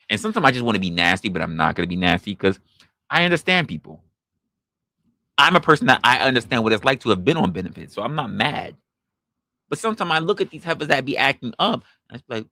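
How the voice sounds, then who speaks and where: A man's voice: on the high side, fairly quick, no room sound, studio quality. A man hosting a live stream, reacting to chat and telling a story with a lot of swearing, voicing the people in it, while he drinks. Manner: profane, animated storytelling with voiced quotes. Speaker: podcast host.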